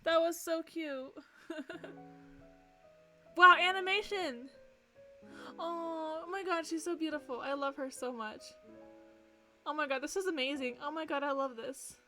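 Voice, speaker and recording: High, bright-voiced gushing woman streamer. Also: measured pace, long pauses. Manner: gushing, excitable reactions between narration read aloud. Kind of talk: playing a game on stream. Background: faint game music.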